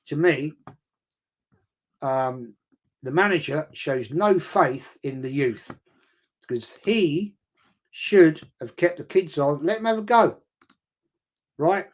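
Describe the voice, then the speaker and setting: A middle-aged man chatting through a live football watch-along stream, rambling and excitable and swearing freely. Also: on the high side.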